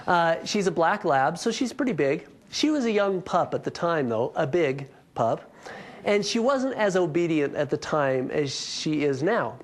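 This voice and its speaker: A man's voice: on the high side, animated, unhurried. A man in his thirties giving a health workshop talk, telling a story with self-mocking humor before moving on to teaching.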